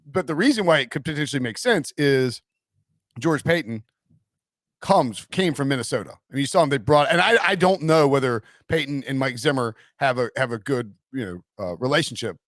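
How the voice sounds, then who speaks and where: A man hosting a casual sports podcast, chatty and quick to laugh as he talks. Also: medium pitch, animated, a bit bright, no echo, clean studio sound. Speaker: podcast host.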